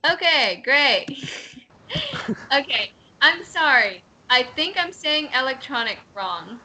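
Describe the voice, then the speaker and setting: A woman's voice: high voice, sing-song, slow, background noise. A woman teaching an online reading class on a video call, hesitant and correcting herself often. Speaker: English teacher.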